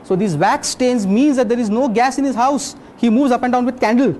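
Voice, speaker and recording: A man voicing a shrewd male detective who lays out his deductions slowly and calmly, in much his own voice. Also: extremely high pitch, slight background noise. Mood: explaining. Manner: slow, deliberate explaining.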